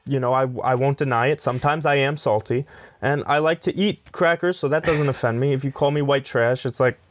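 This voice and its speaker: A man's voice: mid-range voice, fairly quick, no room sound. Rambling, joking young man on a podcast. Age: 20s. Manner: rambling, jokey, self-deprecating. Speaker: podcast co-host. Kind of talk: casual chat.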